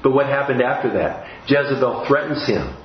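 A man's voice: mid-range voice, animated, moderate pace, slight background noise. A man preaching a sermon in a church, earnest and given to restarts and repeated words. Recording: roomy, dull-sounding recording.

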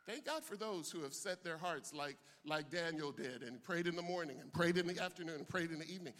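An older man, a pastor, preaching a sermon with animated delivery that swings from soft asides to loud bursts. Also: a little high, fast, few pauses.

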